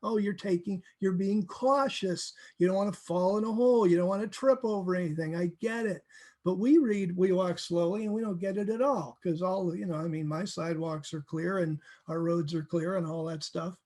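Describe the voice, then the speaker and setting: Animated man teaching the Bible. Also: high voice, moderate pace. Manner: animated, laughs often, acts out verses.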